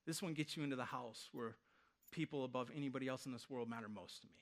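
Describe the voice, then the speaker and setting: Speaking fast in a medium-pitched voice, this man in his thirties is a pastor delivering a sermon to a congregation from the church stage. His delivery is loose and conversational, full of rhetorical questions.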